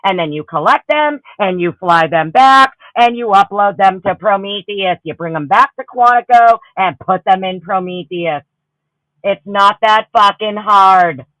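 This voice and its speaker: A woman's voice: mid-range voice, measured pace, fairly bright tone, no echo, poor audio. A woman hosting a livestream, ranting heatedly and with lots of swearing while greeting her chatters. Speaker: livestream host. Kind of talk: profane ranting livestream chat.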